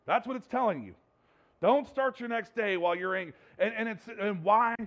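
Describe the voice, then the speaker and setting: A man delivers a sermon in an earnest way, circling back to his words and restarting lines. His voice sits high and carries a gravelly fry. The recording sounds dull and lo-fi. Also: normal speed. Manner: earnest, repeats words and restarts, laughs between points. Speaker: pastor.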